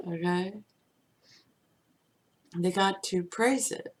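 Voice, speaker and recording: Woman, spiritual teacher, slow unhurried delivery, gravelly fry, musing, slips into soft whispers. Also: medium pitch, fairly even intonation, very noisy.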